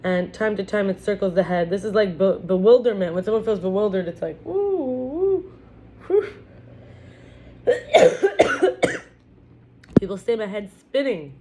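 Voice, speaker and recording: A woman's voice: mid-range voice, normal speed, pauses often, mellow, a little hiss or hum. A woman giving a casual spiritual lesson, talking in a chatty way with frequent restarts while reading from a book. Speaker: teacher. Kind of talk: casual spiritual teaching talk.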